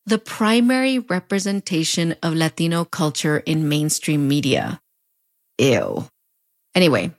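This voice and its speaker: A woman's voice: lowish voice, dry recording, studio quality. A woman in her thirties with a Mexican border accent, narrating a scripted commentary in a wry, conversational way with playful asides. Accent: Mexican border English. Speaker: video essay host.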